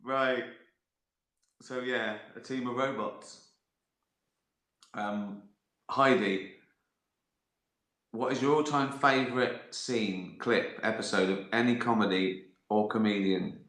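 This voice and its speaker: Man, unhurried, hesitant fillers, live chat in an echoey room. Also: medium pitch, fairly bright tone. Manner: hesitant, frequent fillers and restarts, swears casually, chuckles. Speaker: livestream host answering viewer questions. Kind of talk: rambling casual chat. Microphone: phone or laptop livestream. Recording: roomy echoey sound.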